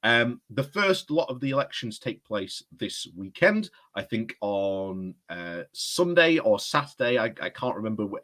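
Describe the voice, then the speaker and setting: A man's voice: fairly low pitch, a bit bright. A man giving casual political commentary to camera, rambling, correcting himself and sounding exasperated. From United Kingdom.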